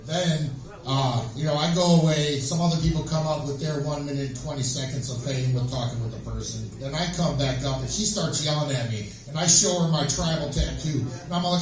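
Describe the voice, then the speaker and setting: A man's voice: on the high side, normal speed. Rambling man doing stand-up, echoey room. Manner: rambling deadpan storytelling with fillers. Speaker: amateur stand-up comic. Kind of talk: stand-up set. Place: small comedy club stage. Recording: echoey room from far off with crowd.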